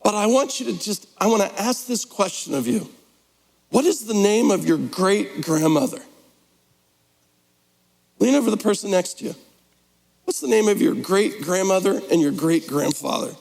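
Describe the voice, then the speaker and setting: A man's voice: sits high, normal speed, vocal fry, long pauses, a little mellow, in a large hall, low-quality recording. A man preaching a sermon as pastor, in a conversational, playful way, slipping into mock voices. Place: church sanctuary.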